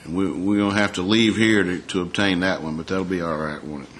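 Male preacher, lower voice, chatty sermon style, rhetorical questions, slows down to read scripture. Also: steady tone, a bit bright, slight background noise. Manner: reads scripture aloud in a slower, raised voice.

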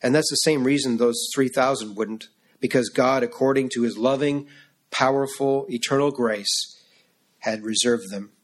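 A man preaching a sermon to his congregation in an earnest, emphatic way, slowing down to stress key words. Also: mid-range voice.

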